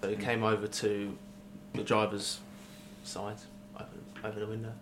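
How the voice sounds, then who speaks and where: A man's voice: lowish voice, completely flat delivery, normal speed. A man chatting casually as a podcast co-host, telling a long, rambling, sweary story with laughs. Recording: echoey room with faint noise.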